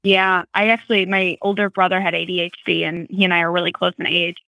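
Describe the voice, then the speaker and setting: A woman hosts a casual interview, asking thoughtful questions. Her voice is on the lower side and she adds a lot of fillers while she thinks. The recording is dry. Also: flat delivery, fast talker, gravelly, sharp tone, no echo, low-quality recording. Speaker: host.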